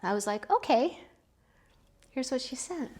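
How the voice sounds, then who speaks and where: A middle-aged woman chats casually to her viewers as she unloads her kiln. She gushes easily, breaking into gasps and small exclamations, and her pitch sits right in the middle of the usual range for a woman. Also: expressive, measured pace. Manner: chatty and gushing, with gasps and little exclamations. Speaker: pottery channel host. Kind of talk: casual kiln-opening vlog chat.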